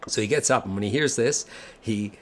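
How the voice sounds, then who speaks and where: Halting older man telling family stories. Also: lowish voice. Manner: halting, chuckling storyteller. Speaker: family storyteller. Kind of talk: casual reminiscing.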